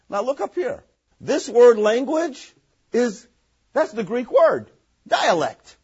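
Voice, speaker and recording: A man's voice: high voice, very animated, unhurried, darkish tone, husky, muffled recording. A man from northern Maine preaching a sermon, emphatic and repetitive, often checking in with "okay?". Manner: emphatic, repeats points, frequent "okay?" check-ins. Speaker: pastor.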